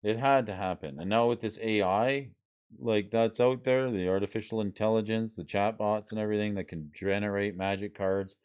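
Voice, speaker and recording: A man's voice: fairly low pitch, fairly even intonation, normal speed, a little mellow, smooth, dull audio. A man streaming casually, reading card names and rules aloud and chatting with his viewers. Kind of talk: casual livestream chat while sorting cards.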